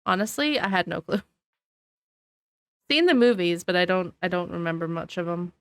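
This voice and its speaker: Using a desk microphone, this woman chats casually while streaming a game and replies to her chat, sounding sniffly and sleepy as she yawns. Her lowish voice has a clean tone at normal speed, and the recording is dry.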